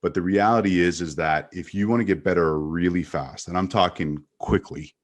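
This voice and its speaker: A man speaking as a guest sales trainer in an interview, explaining with energy and shifting his pace and pauses for emphasis. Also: low-pitched.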